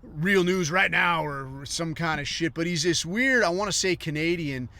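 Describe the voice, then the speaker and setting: A man's voice: fairly high pitch, normal speed, bright, forceful tone. A man ranting on a podcast, rambling and profane, sometimes mocking other people in put-on voices. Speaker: podcast host.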